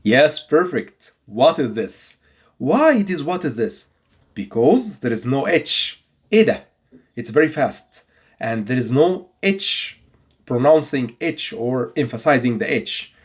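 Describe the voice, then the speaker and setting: A man teaching a video language lesson, repeating example phrases slowly and patiently for learners. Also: medium pitch, animated, breathy edge. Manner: patient, instructive delivery.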